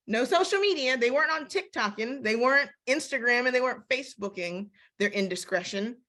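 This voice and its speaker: A woman teaching a casual Bible study, lively and slangy, acting out the verses she quotes. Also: fairly high pitch, a little fast, few pauses.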